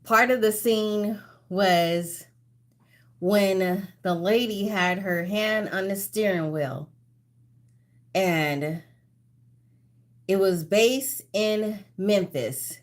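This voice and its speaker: A woman hosting a casual live-stream trivia game, chatty and laughing, out of breath, reading each question slowly and stepping away from her mic at times. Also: mid-range voice. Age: older. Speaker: livestream trivia host.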